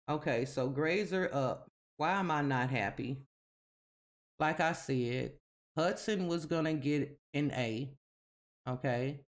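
A woman, casually commentating while she plays a life-simulation game and chatting at her characters. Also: low-pitched. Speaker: gaming video host.

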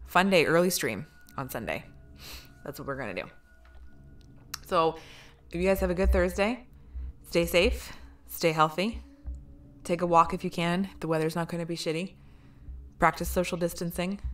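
A woman streamer talking casually with her viewers, joking and swearing freely. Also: lowish voice.

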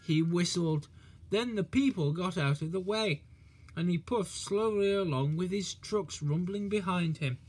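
A man reading a children's storybook aloud in a gentle, measured way. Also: sits high, slight background noise.

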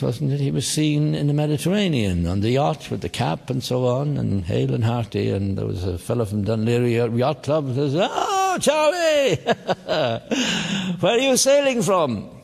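Older Irish male comic, husky gravelly voice with lively pitch, dry rambling delivery, live theatre reverb. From Ireland. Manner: wry rambling storytelling with dry asides. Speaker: stand-up comedian. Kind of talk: live one-man comedy show. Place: theatre stage before a live audience. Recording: live theatre recording with long hall reverb.

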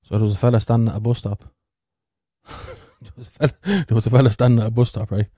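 A man's voice: medium pitch, fairly even intonation, fast talker, dark tone, a little hiss or hum. A man with a stutter hosting a podcast, telling crude, rambling jokes and swearing freely. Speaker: podcast host.

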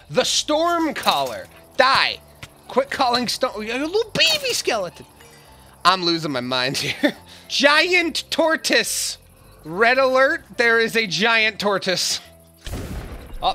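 A young man swinging wildly between mumbled asides and sharp, bright outbursts as he narrates his game. His voice leaps all over the place and swears freely at the monsters. Light music plays under him. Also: very high voice. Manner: excitable, swears, yells at the game. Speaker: gaming YouTuber. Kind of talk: narrated gameplay commentary.

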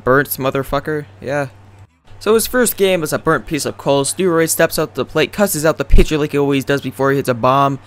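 A man's voice: a little high, a little fast, clear, resonant tone. Profane young man joking over gameplay. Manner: profane, rambling, deadpan jokes. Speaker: gaming commentator. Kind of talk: joking video game commentary.

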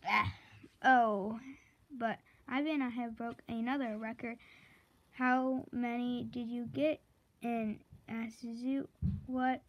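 A woman slowly reading a children's chapter book aloud, correcting herself and pausing to chat about the pictures. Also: fairly high pitch, steady tone, highs cut off. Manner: slow, careful read-aloud with self-corrections; chatty asides about the pictures. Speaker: reader.

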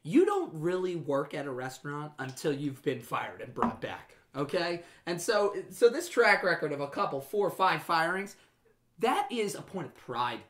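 A man's voice: on the high side, big pitch swings, normal speed, a bit bright. Joking male podcast host. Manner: joking, teasing, crude banter. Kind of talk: casual podcast chat.

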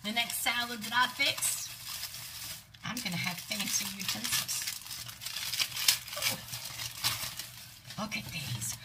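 A woman's voice: a little high, slow, long pauses, heavy background noise. A middle-aged woman unboxing gifts in a casual vlog, gushing, exclaiming often and dropping into whispered asides. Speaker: vlogger.

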